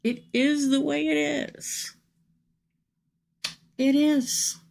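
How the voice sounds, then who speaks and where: A woman's voice: high voice, flat delivery, extremely slow, vocal fry, darkish tone. A woman tarot reader, chatting casually and folksily with viewers during a livestream reading.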